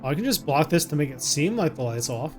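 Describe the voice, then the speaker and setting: A man's voice: a little high, big pitch swings, fast, faint music behind. A man streaming a game, muttering offhand asides between lines. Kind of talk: casual game commentary.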